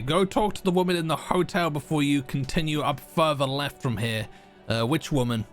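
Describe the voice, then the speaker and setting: A man streaming a video game live, chatting casually and laughing with viewers, with plenty of fillers. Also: medium pitch. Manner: relaxed, chatty, filler-heavy, laughs easily. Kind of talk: casual livestream chat while playing.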